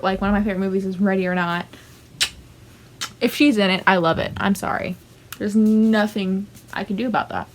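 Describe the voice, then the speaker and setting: Chatty young woman vlogger. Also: medium pitch. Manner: chatty, animated, lots of fillers and asides. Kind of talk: casual ranking vlog.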